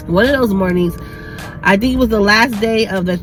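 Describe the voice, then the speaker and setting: A woman's voice: mid-range voice, normal speed, music in the background, poor audio. A woman vlogging casually while sick with a cough, short of breath, chatting and rambling from her car and then from home. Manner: rambling, chatty, talking while driving and walking. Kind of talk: casual vlog chat.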